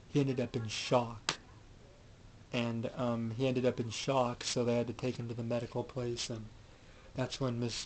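A man's voice: mid-range voice, a little mellow, low-quality recording. Rambling man recapping a film. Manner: rambling, many fillers and restarts. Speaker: film reviewer.

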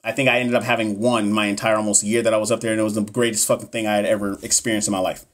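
A man's voice: lowish voice, flat delivery, very fast. A man tutoring nurses on a live stream, going through exam questions in a casual, hyped-up way and swearing freely. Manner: casual, profane, hyped-up talk to viewers.

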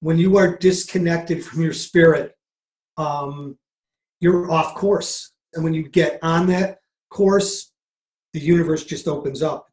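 Animated man telling a story, echoey room. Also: fairly high pitch, takes it slowly. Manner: animated, acts out dialogue in anecdotes. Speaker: podcast guest, mindset coach. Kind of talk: storytelling interview answer.

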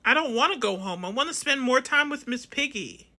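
A woman's voice: high-pitched, lively intonation, brisk, sharp tone, heavily acted. A woman voicing a naive, dim male toy contestant in a toy reality-show role-play, earnest and worried.

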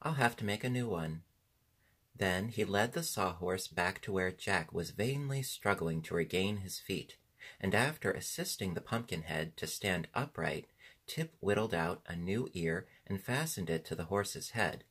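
A man narrates a storybook audiobook in a measured, expressive way. His voice sits low and a bit husky, with lively rises and falls that keep the telling animated. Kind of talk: scripted narration.

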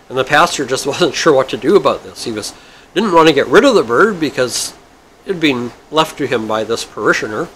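A man telling a story and a groaner joke in a folksy, unhurried manner, chuckling as he goes. His voice sits at an ordinary middle pitch. A faint hum of room noise runs behind him. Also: fairly bright tone, poor audio. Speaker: host.

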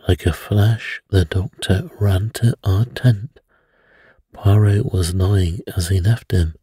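A man narrating a bedtime story in a slow, hushed storytelling manner. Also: low-pitched, fairly even intonation, breathy edge, no echo, clean studio sound.

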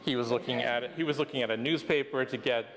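A man's voice: mid-range voice, fast, fairly bright tone. Man lecturing in a reverberant hall. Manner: explanatory, wry. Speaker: professor. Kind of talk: lecture discussion. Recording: reverberant hall, faint noise.

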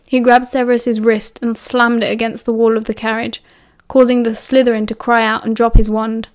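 A woman with a British accent reads a novel aloud in a steady, expressive audiobook style. Her voice sits a little high for a woman. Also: moderate pace, clean tone. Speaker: audiobook narrator. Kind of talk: audiobook narration.

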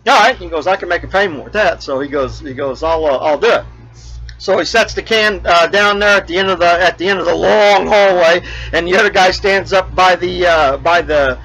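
A man's voice: high-pitched, a bit bright, husky, rough recording. A man hosting a homemade RV show, chatting casually and telling a joke, with many fillers and restarts. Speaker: host of an RV show. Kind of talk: casual rambling chat.

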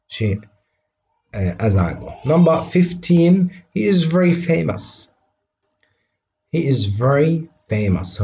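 Low-voiced man teaching English. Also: dark tone, highs cut off. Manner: models each English phrase slowly and clearly, then translates it quickly into Arabic. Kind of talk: English vocabulary lesson.

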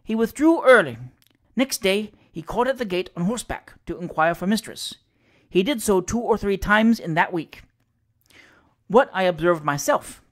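An audiobook reader narrating a classic ghost story with measured storytelling. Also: mid-range voice. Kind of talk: classic fiction read aloud.

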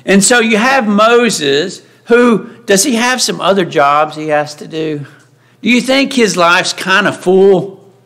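Conversational preacher man, slightly high voice. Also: animated, slow pace, fairly bright tone. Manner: conversational, asks the congregation frequent rhetorical questions; acts out the voices of Bible figures when quoting them. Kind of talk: sermon. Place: church sanctuary.

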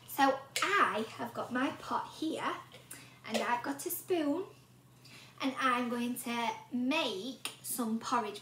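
A woman's voice: on the high side, slight background noise. A woman teacher reading a storybook aloud to young children and asking them questions along the way. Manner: animated, asks the children questions. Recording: roomy echo.

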